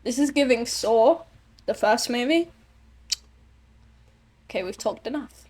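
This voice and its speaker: A woman's voice: fairly high pitch, measured pace, darkish tone. A woman giving casual, blunt gameplay commentary, swearing and reading choices aloud. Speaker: gameplay streamer.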